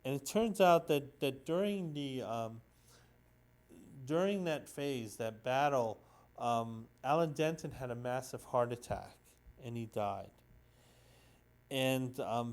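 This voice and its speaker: A man's voice: mid-range voice, slow pace, long pauses, darkish tone. Rambling man recapping a comic, full of ums. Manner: sentimental about the story. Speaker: comic book reviewer. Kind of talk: casual solo comic recap.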